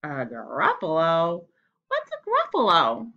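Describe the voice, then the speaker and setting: A woman voicing a hungry snake in a storybook that scares easily, speaking slowly. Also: low-pitched, huge pitch swings, highs cut off, pitched below the performer's own voice, full character voice. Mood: wary. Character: hungry snake, startled coward.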